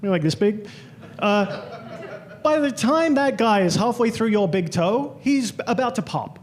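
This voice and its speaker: A man's voice: very high-pitched, animated, measured pace. A man with an Australian accent performing a stand-up comedy set on a club stage, telling dry, self-deprecating stories. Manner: dry, self-deprecating storytelling with quoted voices.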